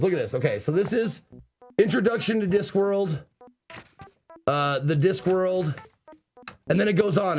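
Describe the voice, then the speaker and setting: A man streaming a game live, chatting excitably, swearing casually and reading the game's text aloud. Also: a little high. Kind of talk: live let's play commentary.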